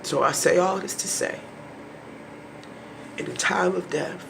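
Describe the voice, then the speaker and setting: A man giving an impassioned monologue to his viewers, pleading and preachy, often sinking to a hushed near-whisper and stumbling over repeated words when emotional. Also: fairly high pitch, slow pace, vocal fry, pauses often, noisy background. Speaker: vlogger.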